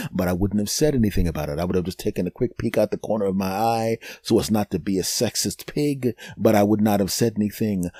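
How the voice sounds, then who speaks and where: A man hosting a podcast, telling a comic story in an animated, conversational way and checking in with "right?". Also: fairly low pitch, dry recording, studio quality. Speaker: podcast host.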